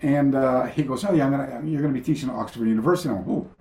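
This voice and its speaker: An older man spins a long, rambling story as a guest on a video call. He restarts sentences often and breaks into animated quoted voices, at a middle pitch. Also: rapid-fire. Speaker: guest karate teacher. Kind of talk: storytelling in a casual interview.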